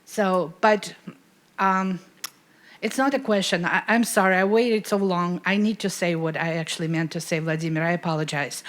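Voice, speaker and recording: A middle-aged woman from Russia, whose first language is Russian, speaking from the audience with a slightly low voice. She is earnest and apologetic, and her speech grows louder and more emphatic as she goes. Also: fairly even intonation, moderate pace. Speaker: audience member asking a question. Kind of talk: emotional audience question at a lecture.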